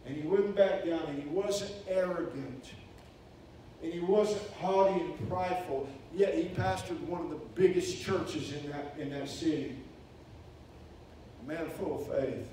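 An animated preacher, a man telling a story to his congregation and throwing himself into each quoted voice. His voice sits a little high for a man. It rings around a big echoey hall, picked up from a distance with a faint hiss.

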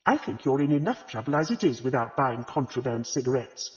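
A man reading the lines of a gentle, sensible vicar's wife, speaking earnestly and with caution. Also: mid-range voice, lively intonation, fairly quick, close to an everyday voice. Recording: reverberant, slightly dull audiobook recording.

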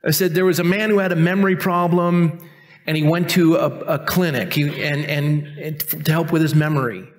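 A man's voice: a little high, steady tone, a little fast. A male pastor in his fifties preaching a sermon in a conversational, self-mocking way, telling a personal story and acting out the people in it. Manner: conversational, self-mocking, acts out quoted voices. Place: church sanctuary.

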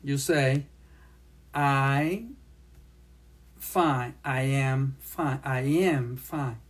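Slow-paced sign language teacher. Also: medium pitch, husky. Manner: speaks slowly, repeats phrases while demonstrating signs. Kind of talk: slow classroom lesson.

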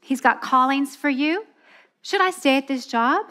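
Woman preaching at a church women's event, high voice, earnest storytelling. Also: expressive, unhurried, pushed and bright. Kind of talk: sermon with personal story.

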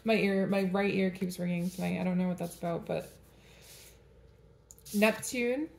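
A woman's voice: lowish voice, normal speed, creaky, darkish tone, echoey room, slight background noise. A woman giving a tarot reading to camera in a casual, rambling way, chatting and laughing between the cards. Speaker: tarot reader.

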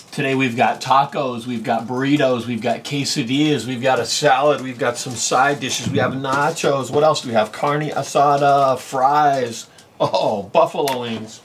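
A man's voice: mid-range voice, slight background noise. A man from California casually talking through a meal for his food vlog, savoring each bite with lots of pleased sounds. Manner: chatty, savoring bites with lots of mm and oh. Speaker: food vlogger. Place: home in Japan.

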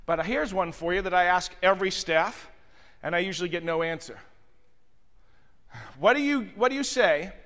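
In a large function room with an audience, a hospitality communication trainer gives a motivational seminar on communication, speaking to the audience directly and telling stories expressively. His voice is high, animated, and fairly bright at normal speed, with long pauses and a big-room sound.

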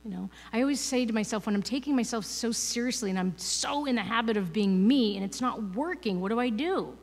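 A woman's voice: fairly high pitch, lively intonation, brisk. Chatty woman speaking in a reverberant hall. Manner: conversational, playful, asks the audience rhetorical questions. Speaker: guest speaker. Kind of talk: spiritual talk. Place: church hall.

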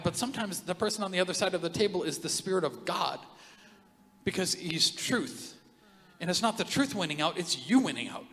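A high, bright-voiced man preaches to his congregation, joking and telling stories as he goes. He swings from loud, ringing outbursts down to hushed, intimate asides. His voice carries with a long reverb through a large hall. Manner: animated, joking storyteller with big swings in loudness. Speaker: pastor. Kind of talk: sermon.

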